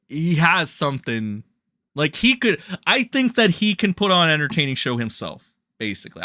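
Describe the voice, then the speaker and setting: A man's voice: mid-range voice, sharp tone, no room sound, studio quality. A man hosting a casual livestream, reading chat messages aloud and commenting in a crude, rambling, mocking way with a lot of swearing.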